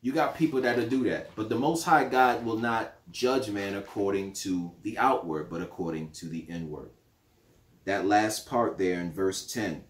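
A man teaching a bible study in a playful, animated preaching manner. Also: lowish voice, moderate pace. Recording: roomy echo.

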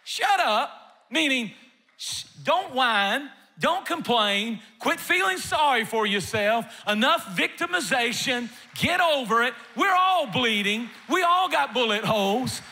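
A man preaching a sermon in church as pastor, emphatic and repetitive, with bursts of shouting. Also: very high voice, expressive, measured pace. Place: church sanctuary.

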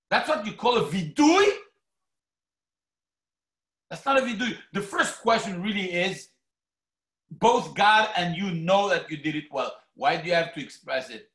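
A rabbi preaching in a synagogue hall, his voice high and swinging widely as he acts out quotes. His tone is bright and carries a roomy echo. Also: unhurried, long pauses. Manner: animated, theatrical preaching with mock quotes. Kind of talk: sermon. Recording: echoey hall.

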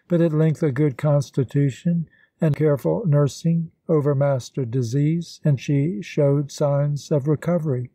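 A man narrating a classic novel as an audiobook, with a steady, even reading and a close mic. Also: a little high, measured pace, no echo. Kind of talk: scripted narration.

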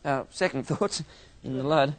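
A man's voice: medium pitch, moderate pace. A man from Australia with an Australian accent, a minister giving a theology lecture full of humorous, self-mocking stories.

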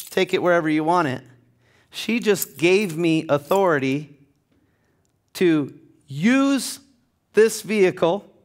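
A man pastor preaching a passionate sermon in a church, building to loud emphatic peaks. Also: high-pitched. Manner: passionate, rising to near-shouting. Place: church sanctuary.

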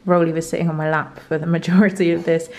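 A congested young woman chatting casually in a vlog, bubbly, and talking to her dog in a high baby voice. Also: flat delivery, fast, reverberant. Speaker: vlogger.

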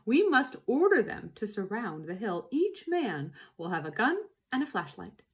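A woman voicing a nasty, scheming male farmer who shouts his threats in a storybook reading. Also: mid-range voice, sing-song, normal speed, close to an everyday voice.

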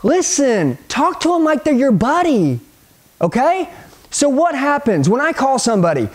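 Hyped high-voiced man coaching salesmen. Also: wildly swooping pitch, normal speed. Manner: punchy, hyped, talks straight to the viewer, acts out phone calls. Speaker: sales trainer. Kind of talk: energetic sales training talk.

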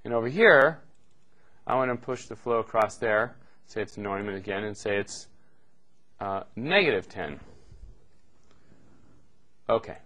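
A man's voice: lowish voice, measured pace, pauses often, fairly bright tone. A middle-aged man giving a live university lecture, explaining steps in a loose, joking way with frequent "okay" and "right.".

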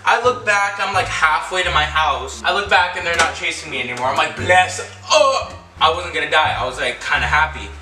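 A young man from California, telling a story at home in an animated, excitable way, full of fillers and acted-out quotes. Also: on the high side, quick pace, hardly any pauses, over music. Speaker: vlogger. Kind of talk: storytime vlog. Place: at home indoors. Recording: echoey room, mic at a distance.

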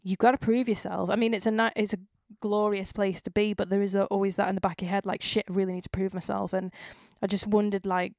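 A woman's voice: mid-range voice, flat delivery, fast talker, few pauses, a little mellow, no room sound, studio quality. Chatty woman with a Northwest English accent. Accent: Northwest England, Cheshire. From England. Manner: chatty, rambling, swears casually. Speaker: podcast host. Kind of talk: casual interview chat.

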